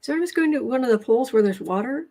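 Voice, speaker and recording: This American tarot livestream host reads cards and chat casually, restarting her sentences as she goes. She speaks rapid-fire and animated in a fairly high, dark-toned voice.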